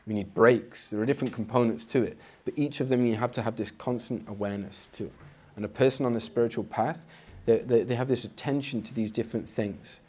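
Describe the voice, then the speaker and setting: A man's voice: steady tone, fairly quick, few pauses, a little mellow, husky. A man giving an informal spiritual lecture. He talks conversationally and often repeats a word at the start of a phrase. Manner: acts out inner voices with sudden pitch jumps. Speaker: Islamic teacher.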